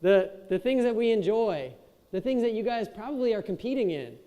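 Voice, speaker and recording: A man's voice: high-pitched, expressive, fairly quick, warm tone. A young man in his twenties from Wisconsin giving a casual, joking motivational speech to a youth crowd and chatting with the audience. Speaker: keynote speaker. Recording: echoey hall with long reverb.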